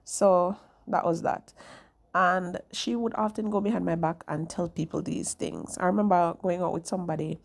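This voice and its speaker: A woman's voice: fairly low pitch, steady tone, normal speed, vocal fry. A young woman, telling a personal story in a candid, chatty way to her viewers. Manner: candid, chatty, often tags "right?". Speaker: vlogger.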